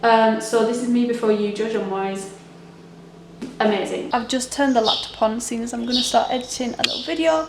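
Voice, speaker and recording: A woman's voice: on the high side, fairly even intonation, a little fast. A young woman chatting casually in a home vlog, rambling with lots of ums and restarts. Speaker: vlogger. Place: home rooms. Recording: echoey room, faint noise.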